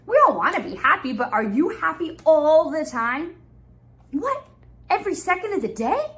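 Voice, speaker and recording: A preschool teacher with a high voice reads a picture book aloud and talks to small children. She swoops all over her range in a sing-song, exaggerated storytelling manner. At times she drops into a soft, soothing tone. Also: big pitch swings, fairly quick. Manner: gentle and soothing when guiding breathing. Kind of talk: reading aloud and talking to young children.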